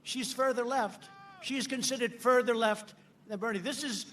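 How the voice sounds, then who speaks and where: A man speaking at an outdoor rally through a podium microphone, his voice pitched high and sharp. He mocks and repeats himself and punches lines out over the crowd, with a faint murmur of ambience behind him. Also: fairly even intonation, normal speed, a little hiss or hum. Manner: boastful, mocking, repetitive, shouting over a crowd. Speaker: politician addressing a rally crowd. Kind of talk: campaign rally speech.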